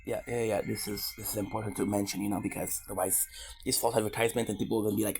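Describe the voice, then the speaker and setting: A man's voice: on the low side, level tone, very fast, creaky, darkish tone. A man from Quebec, Canada, in a casual streamer monologue, rambling on goofy side tangents with swearing and jokes.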